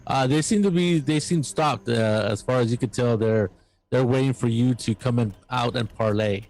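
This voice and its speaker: Man, game master, tabletop session, halting narration, lots of fillers. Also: mid-range voice, a little mellow. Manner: halting, filler-heavy narration with quick voices for NPCs.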